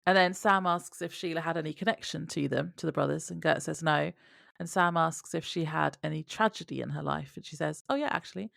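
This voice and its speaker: Low, gravelly-voiced woman podcaster. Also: steady tone, brisk, few pauses, a bit bright, dry recording, studio quality. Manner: chatty, laughs often, reads out her own notes. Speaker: podcast co-host. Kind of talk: casual chat recapping a TV episode.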